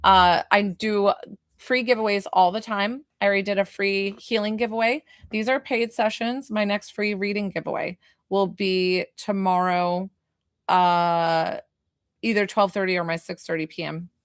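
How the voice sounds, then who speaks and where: A woman's voice: medium pitch, fairly even intonation, moderate pace, no room sound, clean studio sound. A woman working as a spiritual medium, giving a chatty, emotional reading on a live stream and laughing often.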